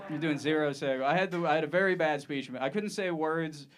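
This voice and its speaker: Male stand-up comic from Ohio, slightly high voice, meandering and self-deprecating on a club stage. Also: a little fast, a bit bright. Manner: rambling, self-mocking, with loose asides and trailing restarts. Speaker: stand-up comedian. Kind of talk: stand-up comedy set.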